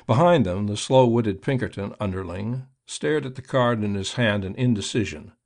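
A man reading an audiobook in a steady, measured narration. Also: on the low side.

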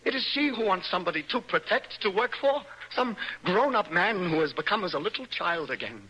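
A young actor playing a nervous, intense poet in a radio play, with a dreamy, impassioned manner. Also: male voice, sits high, expressive, brisk, pushed and bright, breathy edge, full character voice, low-quality recording. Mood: exalted. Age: young adult. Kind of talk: radio stage-play acting.

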